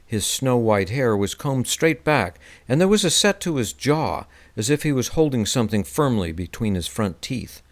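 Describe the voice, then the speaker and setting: A man narrating a first-person memoir in a measured, descriptive way. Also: medium pitch, big pitch swings. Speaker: audiobook narrator.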